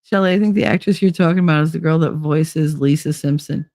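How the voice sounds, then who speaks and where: A woman's voice: sits low, fairly quick, darkish tone, no room sound. A woman hosting a casual livestream, chatting loosely, greeting viewers by name and swearing freely. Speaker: livestream host.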